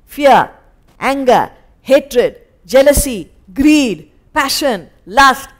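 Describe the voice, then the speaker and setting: A woman with an Indian English accent teaching scripture as a spiritual teacher, animated and acting out little scenes. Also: high voice, extremely slow. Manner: animated, acts out little scenes in quoted voices. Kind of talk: lecture on scripture. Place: lecture hall.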